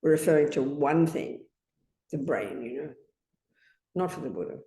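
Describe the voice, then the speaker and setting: A woman's voice: low-pitched, animated, moderate pace, mellow. A woman Buddhist teacher giving an emphatic dharma talk, often asking her listeners rhetorical questions. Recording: echoey room.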